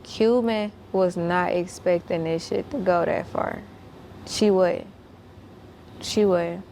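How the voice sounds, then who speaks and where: A woman's voice: on the low side, slow pace, vocal fry, dark tone, a little hiss or hum. A woman telling a story as a guest. She speaks bluntly and emphatically, swears a lot, and repeats herself when worked up.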